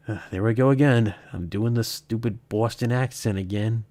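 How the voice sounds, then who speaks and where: A man's voice: lowish voice, measured pace, pauses often, dark tone, no echo. A man chatting casually on a live stream, rambling and correcting himself as he goes, with frequent chuckles. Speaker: streamer, horror story reader.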